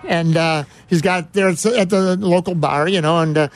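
A man's voice: on the high side, fairly even intonation, moderate pace. A man hosting a sports radio show, telling rambling stories full of fillers and restarts in casual banter.

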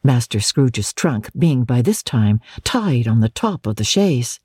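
Audiobook reader, slow and lively, mellow husky voice, dry booth. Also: mid-range voice, no echo. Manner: measured, expressive reading. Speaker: audiobook narrator. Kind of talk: scripted storybook narration.

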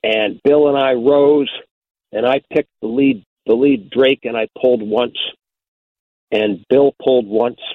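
A man's voice: medium pitch, steady tone, measured pace, no echo. Older man telling a hunting tale over a tinny line. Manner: folksy, repeats words when searching. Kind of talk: storytelling on radio. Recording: tinny phone-like dry sound.

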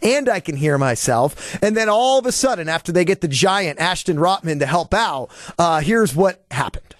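A man co-hosting a sports radio show, opening with energetic, teasing, sing-song banter on a studio microphone. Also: sits high, moderate pace, dry recording.

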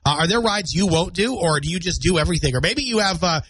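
A man in his thirties hosts a morning radio show alone from a studio, chatty and self-deprecating, his voice nasal and congested from a cold that has left him with a stuffy nose and scratchy throat. He talks fast in a high-pitched, fairly bright voice with lively intonation. The studio-mic audio is poor, with slight background noise.

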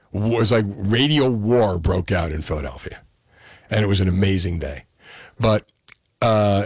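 A man's voice: on the low side, dry recording, clean studio sound. A middle-aged man with a New Jersey accent, a radio host telling stories in a casual, chatty way with many fillers.

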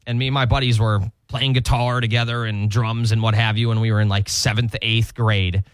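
A man's voice: lowish voice, level tone, brisk, clear, resonant tone, dry recording, clean studio sound. A man co-hosting a country radio morning show, chatting casually and laughing often.

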